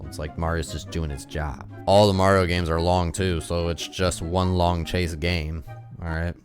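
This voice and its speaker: A man's voice: deep voice, steady tone, moderate pace, soft background music. A man giving casual reaction commentary, sarcastically arguing back at critics and rambling with restarts. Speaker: YouTube movie commentator.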